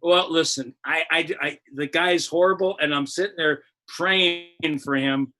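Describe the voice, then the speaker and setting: A man's voice: on the high side, a little slow, bright, forceful tone. An older American man, a comedian hosting a live show, ranting about politics in a profane, rambling, heated way with many restarts.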